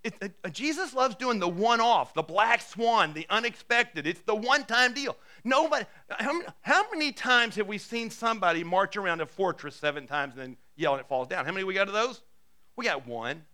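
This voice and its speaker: A male pastor delivers a sermon in a conversational, storytelling manner, often stumbling into quick restarts. His voice sits high for a man and has a bright, forceful edge. He sounds like he is speaking from the pulpit of a church. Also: expressive.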